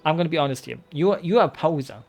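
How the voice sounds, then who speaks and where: A man's voice: a little high, very fast, vocal fry, a little mellow, faint music behind. A man streaming a game, chatting loosely with his chat, joking and rambling with lots of "like" and "you know". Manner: rambling, joking, many fillers.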